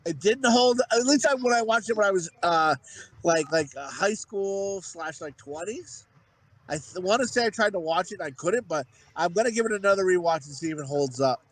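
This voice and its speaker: High-voiced profane rambling man. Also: lively intonation, fairly quick, low-quality recording. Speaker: podcast co-host. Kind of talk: casual podcast banter.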